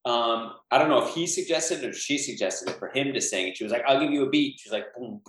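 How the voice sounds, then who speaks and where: A man's voice: medium pitch, fast, fairly bright tone, slight background noise. A man co-hosting a casual podcast, giving dry, wry commentary and teasing the others. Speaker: podcast co-host. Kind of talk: casual chat. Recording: roomy echo.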